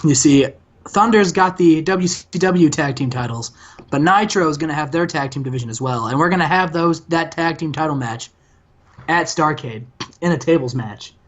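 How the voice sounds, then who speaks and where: A man's voice: a little high, moderate pace, highs cut off. A young man hosting a gaming channel, narrating a game in casual, rambling commentary with many fillers. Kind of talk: casual let's-play commentary.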